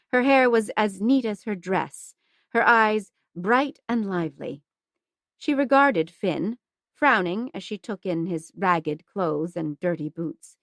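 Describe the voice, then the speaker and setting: A woman's voice: medium pitch, dry recording, clean studio sound. Woman narrating a historical novel. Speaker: audiobook narrator. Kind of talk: scripted narration.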